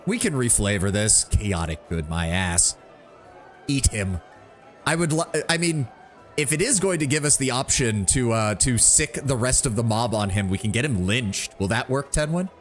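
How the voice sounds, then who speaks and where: At a moderate pace, a man with a mid-range voice and lively intonation streams a role-playing game, faint game music playing. He jokes, swears, reasons aloud, and reads the in-game story text.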